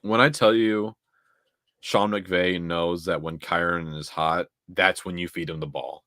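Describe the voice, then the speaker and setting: A young man with a very low, deep voice talks football in a loose, excitable way, piling up stats and laughing between points. The sound is close and dry, with no room echo. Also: measured pace. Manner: excitable, stat-heavy, laughs often. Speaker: co-host. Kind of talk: casual sports chat.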